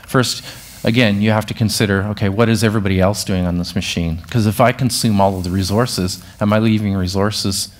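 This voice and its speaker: A man's voice: lowish voice, steady tone, a little fast, few pauses. A man co-presenting a conference talk, explaining performance rules conversationally with some fillers.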